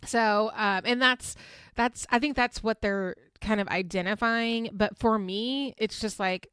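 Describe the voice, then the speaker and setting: A woman's voice: on the high side, fairly even intonation, measured pace, a bit bright, smooth, no echo, clean studio sound. A woman past her twenties hosting a casual, chatty recap. She speaks frankly, swears freely and laughs often between fillers. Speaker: podcast host recapping a reality show.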